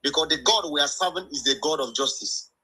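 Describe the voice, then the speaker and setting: A man's voice: a little high, quick pace, bright, forceful tone, slightly rough, low-quality recording. A man with a Nigerian accent co-hosting a live talk show, speaking earnestly in a preachy way.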